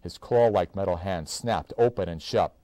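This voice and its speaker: A man reading a children's book aloud to his child, with expressive, animated storytelling. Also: deep voice, moderate pace, dry recording. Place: indoors.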